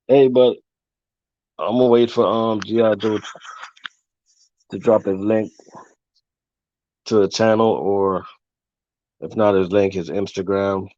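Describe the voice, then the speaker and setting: A man hosting a casual livestream, talking loosely with fillers and giving long shout-outs. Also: fairly low pitch, little pitch movement, measured pace, long pauses, dry recording. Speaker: livestream host. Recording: dull, lo-fi dry sound.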